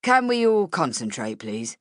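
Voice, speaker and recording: A woman voicing an impatient male newspaper editor in an audiobook, brisk and businesslike. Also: sits low, very animated, no echo, clean studio sound.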